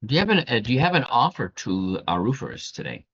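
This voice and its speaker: A man's voice: medium pitch, sing-song, fast talker, fairly bright tone, breathy edge. A man with a French accent hosting a podcast, asking questions and giving brief, encouraging reactions. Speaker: podcast host. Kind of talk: casual podcast interview. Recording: dull lo-fi audio.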